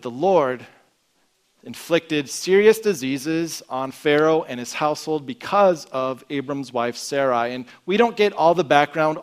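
A man preaching a sermon in an earnest way, often dropping to a quiet emphasis at the ends of phrases. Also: on the high side. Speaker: pastor.

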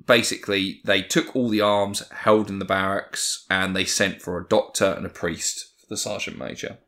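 Low-voiced man, casual history podcast host. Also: normal speed. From Ireland. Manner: swearing, animated banter. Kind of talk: casual chat and history storytelling.

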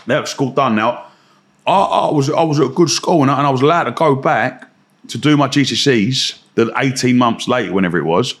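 Young man, animated storyteller who does the voices, mid-range pitch. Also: a little fast, breathy edge. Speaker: guest. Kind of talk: anecdotal storytelling.

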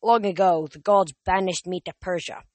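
A reader voicing a gloating villainous male monster with a French accent, slow and sneering, in a dry recording. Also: sits high, steady tone, no echo, natural voice.

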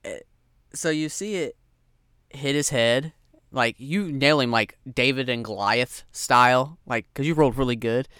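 A man's voice: mid-range voice, a little slow, pushed and bright, clean tone, dry recording, studio quality. A man narrating as game master of a tabletop game, laid-back and hesitant with many ums.

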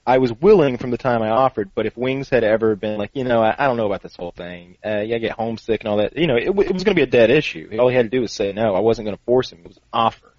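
A man's voice: mid-range voice, animated, very fast, hardly any pauses, darkish tone, no echo, dull audio. A man mentoring a friend through fitness training, encouraging him in a rambling way with many restarts. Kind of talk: earnest group conversation.

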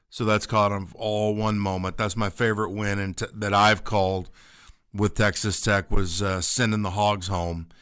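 A man, a baseball play-by-play announcer, reminiscing on a sports radio show with many fillers and pauses while he has the hiccups. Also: low voice, fairly bright tone, clean tone, no room sound, clean studio sound.

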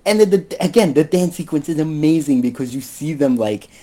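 A man's voice: fairly high pitch, a little fast. A man co-hosting a podcast, gushing and swearing as he recaps a movie in casual chat. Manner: excitable, swears often. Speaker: podcast co-host.

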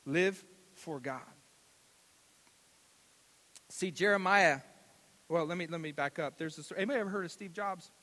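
A pastor preaches with a high, lively delivery, repeating lines for emphasis. His bright, forceful voice rings through a large hall with a long reverb. He acts out little stories in different voices. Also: moderate pace, long pauses. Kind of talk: sermon.

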